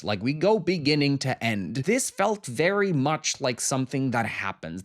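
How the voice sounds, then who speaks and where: A man talking casually about a show from home, with a lively voice that leaps high and then sinks to low asides. His delivery is campy and animated, full of bursts and muttered jokes. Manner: animated and campy, big pitch swings, drops to mutters. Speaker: video essay host. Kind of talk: casual commentary.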